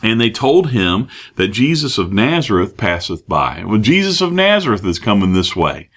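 A man preaching a sermon, reading scripture and explaining it with many pauses, fillers and restarts. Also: lowish voice, very animated, a bit bright. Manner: halting, many fillers and restarts, acts out quoted voices.

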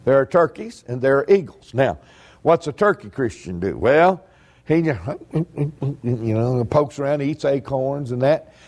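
A man's voice: mid-range voice, lively intonation, measured pace, a little mellow. A man preaching a sermon, telling folksy stories with humor.

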